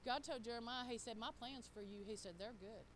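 A woman's voice: on the high side, a little fast, a bit bright, a little hiss or hum, rough recording. A middle-aged woman preaching a sermon, talking straight to the congregation in a folksy way.

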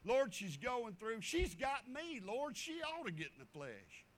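A man's voice: very high-pitched, big pitch swings, measured pace, slight background noise. A middle-aged man preaching a sermon in a folksy way, repeating himself and acting out stories.

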